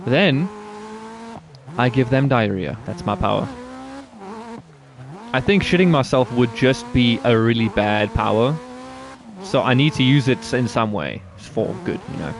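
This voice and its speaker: A man's voice: medium pitch, noisy background. Rambling jokey man playing a racing game. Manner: rambling, jokey, crude humor. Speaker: gaming streamer. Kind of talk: casual gameplay commentary.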